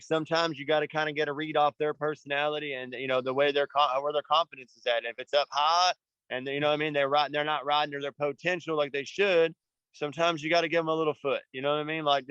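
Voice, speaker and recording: A man with a slightly raised pitch talks through riding advice like a motocross coach, earnest and rambling. The sound is dry and a little dull, like a modest lo-fi recording. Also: flat delivery, quick pace, a bit bright, clean tone, dry recording. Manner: earnest, rambling, repeats "you know what I mean". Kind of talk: casual coaching talk.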